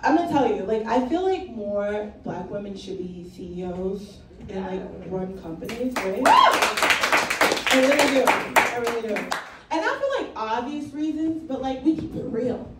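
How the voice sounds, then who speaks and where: A woman's voice: fairly high pitch, a little slow, heavy background noise. A woman from Brooklyn doing a stand-up set on a comedy club stage, telling stories in a blunt, profane way. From Brooklyn, New York. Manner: blunt, profane, animated storytelling. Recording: echoey club, mic heard from a distance, crowd laughter.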